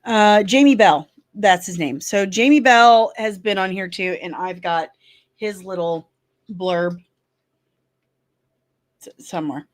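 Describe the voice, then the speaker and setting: A woman's voice: medium pitch, slow, long pauses. A woman hosting a show, chatting casually and rambling while she searches her notes. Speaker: host. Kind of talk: casual chat.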